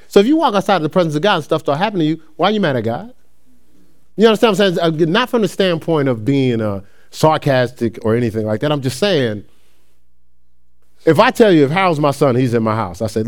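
Animated man teaching a Bible class. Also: on the high side, a little fast. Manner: reads scripture aloud, then explains with personal stories; restarts sentences and asks listeners "right?". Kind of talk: conversational Bible study teaching.

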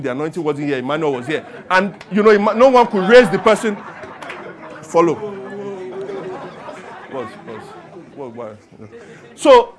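A Nigerian man preaching a sermon in church, emphatic, asking the congregation call-and-response questions. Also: high voice. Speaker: pastor.

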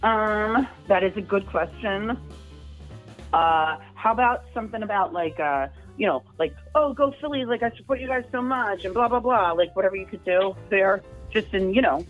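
A woman's voice: medium pitch, animated, normal speed, narrow, tinny audio, soft background music. A woman calling in to a stream, hesitant with many fillers but playful. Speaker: caller. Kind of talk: casual phone-in chat.

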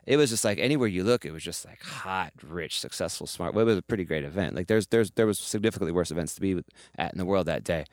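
A man telling a story as a podcast guest, animated and profane, mimicking the voices of the people he quotes. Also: low voice, fast talker, no echo, clean studio sound. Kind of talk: casual storytelling.

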